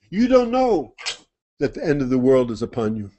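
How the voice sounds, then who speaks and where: A man in a religious study gathering retells a sacred story with lively, repeating phrasing. His voice sits a little high for a man. He speaks as a teacher holding the attention of listeners in the room. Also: normal speed. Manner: animated, repeats phrases for emphasis. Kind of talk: storytelling sermon.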